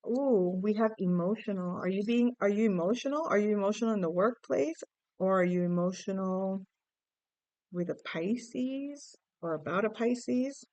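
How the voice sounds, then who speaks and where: A woman's voice: mid-range voice, normal speed, warm tone, no room sound. A woman giving a casual tarot reading to camera, musing and emotive, thinking aloud and often restarting her sentences. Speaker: tarot reader.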